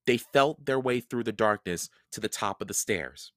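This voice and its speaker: A man reading a children's book aloud, narrating in a slow, expressive storytelling way. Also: fairly low pitch, no echo, clean studio sound.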